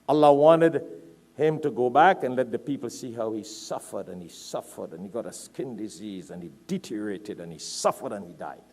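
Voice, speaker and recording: A man from Trinidad preaching a sermon, telling stories with emphatic repetition. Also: medium pitch. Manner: animated storytelling, emphatic repetition. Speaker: Islamic preacher.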